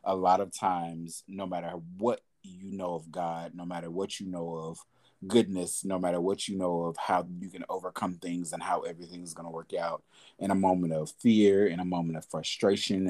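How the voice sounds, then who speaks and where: A man's voice: sits low, a little mellow. A young man hosting a podcast, talking candidly and conversationally about hard times, with fillers and repeated words. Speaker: podcast host. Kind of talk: reflective podcast monologue.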